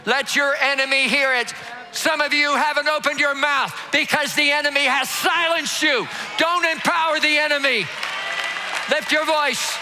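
A man's voice: extremely high pitch, fairly even intonation, moderate pace, pushed and bright, a faint crowd, a little hiss or hum. A man preaching as pastor, rousing his congregation and leading them in call-and-response. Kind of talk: sermon. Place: large church hall.

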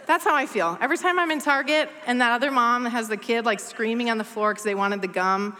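Woman, 30s, bright and fairly high voice, chatty and self-mocking church guest speaker, long hall reverb. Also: a little fast, a little hiss or hum. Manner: chatty, self-deprecating, fond of "like" and playful asides. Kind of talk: humorous personal talk to a congregation.

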